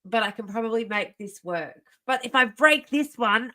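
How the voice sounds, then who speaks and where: A woman in her thirties talks casually to her livestream audience from home. Her voice sits a little high and bright, with a forward edge. She rambles, cuts herself off and laughs often as she goes. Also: a little slow, few pauses. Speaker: livestream host.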